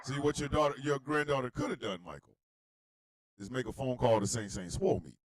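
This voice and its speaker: A man hosting a comedy talk radio show, ranting in an animated, incredulous, shouting way. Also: medium pitch, brisk, dry recording, studio quality.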